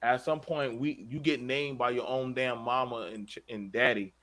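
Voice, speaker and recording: A man hosting a casual panel chat, animated and swearing, with bursts of loud emphasis and speech. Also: medium pitch, moderate pace. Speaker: show host.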